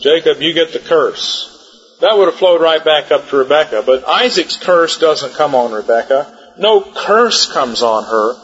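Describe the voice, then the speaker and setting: A male Bible teacher lectures with emphatic explanations and repeats his key points. His voice is husky and sits a little high. It carries a long hall echo over a dull, muffled sound. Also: lively intonation, moderate pace, hardly any pauses, a bit bright.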